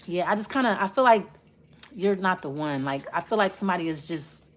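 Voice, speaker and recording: A woman's voice: on the low side, animated, a little fast. A woman giving a casual spoken tarot reading, blunt and profane, rambling and restarting as she talks straight to the listener. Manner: rambling, with many restarts while reading cards. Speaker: tarot reader.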